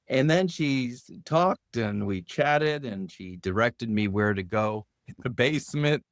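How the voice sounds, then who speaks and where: Animated middle-aged man telling a story. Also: unhurried, dry recording, clean studio sound. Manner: animated storyteller, lifts his pitch sharply when quoting others. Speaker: podcast guest, physician. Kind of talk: storytelling in conversation.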